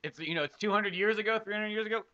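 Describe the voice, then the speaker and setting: A man's voice: high-pitched, bright, forceful tone, highs cut off. A young man co-hosting a comedy podcast, ranting with plenty of swearing. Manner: fast, profane ranting. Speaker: podcast co-host. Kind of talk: casual comedic chat.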